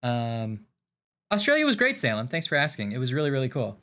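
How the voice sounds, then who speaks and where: A man's voice: medium pitch, wildly swooping pitch, brisk, pushed and bright. Rambling man chatting on a game stream. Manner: rambling storyteller, many fillers. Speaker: stream host. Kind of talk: casual chat. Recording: faint game music behind.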